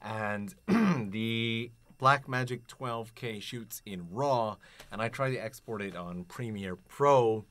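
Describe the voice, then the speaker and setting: A man's voice: medium pitch, slow, fairly bright tone. A man hosting a casual live stream, reading viewer comments aloud and chatting with his guests.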